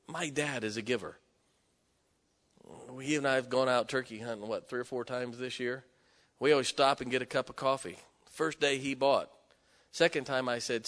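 A man preaching a sermon, telling personal stories with emphatic, animated delivery. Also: medium pitch, normal speed. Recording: long hall reverb.

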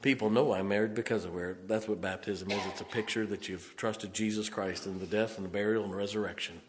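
Low-voiced preacher in a reverberant church. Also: male voice, fairly even intonation, fairly quick, hardly any pauses. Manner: storytelling preacher, rises to emphatic exhortation. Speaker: pastor. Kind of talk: sermon. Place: church sanctuary.

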